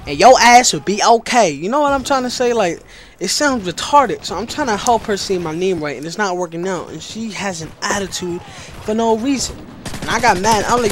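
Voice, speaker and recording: Teen guy high voice cussing and rambling a story, loud game gunfire behind him. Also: animated, moderate pace, background noise. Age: teens. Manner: rambling, profane, joking. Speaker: gamer telling a story. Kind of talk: casual storytelling over gameplay. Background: video game gunfire.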